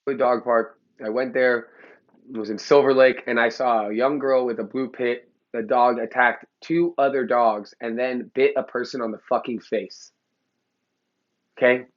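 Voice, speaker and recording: A man's voice: medium pitch, fairly even intonation, normal speed, highs cut off. A man who trains dogs, lecturing bluntly to the camera in a heated, profane way. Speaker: dog trainer. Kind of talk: blunt opinionated talk to camera. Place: Los Angeles.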